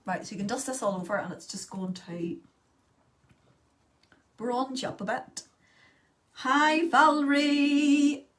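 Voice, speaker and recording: A woman talks her way through a makeup tutorial in a relaxed, chatty voice at a middle pitch. She keeps up easy conversation with her viewers while she works. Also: measured pace, pauses often. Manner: chatty, reads out and answers live viewer comments. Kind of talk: casual live makeup tutorial chat.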